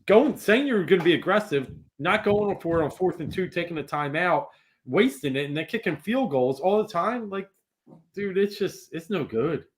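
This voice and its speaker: A man's voice: sits high, expressive, moderate pace. A man co-hosting a casual sports podcast, talking in a frustrated, ranting way. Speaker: podcast co-host.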